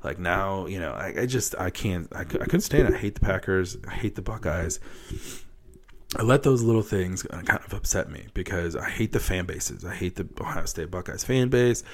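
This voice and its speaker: A man's voice: low-pitched, expressive, moderate pace. A young man hosting a solo podcast in casual chat, swearing often and getting worked up. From Wisconsin, United States. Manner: swears often, gets worked up about sports. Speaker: podcast host.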